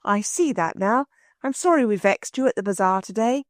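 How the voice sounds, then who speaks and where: A woman voicing plainspoken schoolboys who talk gruffly among themselves. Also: medium pitch, animated, moderate pace, no echo, studio quality, lightly acted. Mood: plain.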